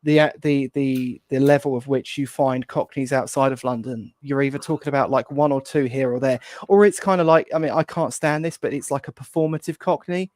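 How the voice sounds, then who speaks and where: A man of ordinary pitch co-hosts a casual political chat. He rambles and hesitates, often restarting with fillers. His voice sounds dry and close. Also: fairly even intonation, fairly quick, few pauses, darkish tone, no room sound.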